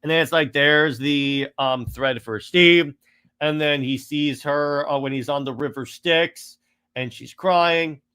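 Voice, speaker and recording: A man's voice: fairly high pitch, slow, bright, forceful tone, clean tone. A man giving a casual, exasperated critique of a comic run, rambling with frequent restarts.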